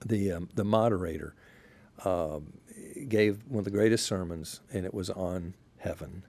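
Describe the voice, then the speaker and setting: A man, a pastor, talking as a podcast guest in a relaxed, reflective way, sharing stories unhurriedly and often restarting his sentences. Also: low voice, moderate pace. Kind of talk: relaxed conversational storytelling.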